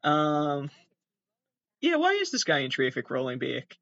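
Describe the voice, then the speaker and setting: A man's voice: a little high, animated, normal speed, fairly bright tone, dry recording. A man hosting a podcast, reacting to videos in casual commentary, agitated, swearing often and exclaiming in alarm. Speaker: podcast host. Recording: dull lo-fi dry sound.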